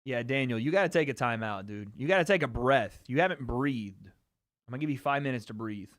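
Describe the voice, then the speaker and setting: Animated, bright-voiced streamer man. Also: mid-range voice, a little fast. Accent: light Southern American. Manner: animated, boastful, swears freely. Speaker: streamer host. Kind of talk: casual livestream chat.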